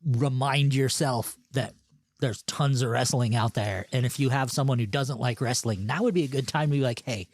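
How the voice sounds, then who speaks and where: A man hosts a podcast in casual chat and rambles playfully with his friends. His voice is mid-pitched. It is recorded dry and close on a studio mic. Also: normal speed, dry recording. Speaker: podcast host.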